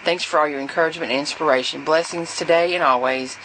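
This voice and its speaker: A woman's voice: sits low, fairly even intonation, fast talker, fairly bright tone, slight background noise, low-quality recording. A woman, chatting casually to camera in a rambling way, with fillers and restarts. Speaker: vlogger.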